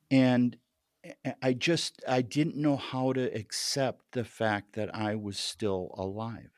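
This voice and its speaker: A man telling a deeply personal story as a podcast guest, earnest and halting, often repeating words as he restarts. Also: fairly even intonation, no room sound, studio quality.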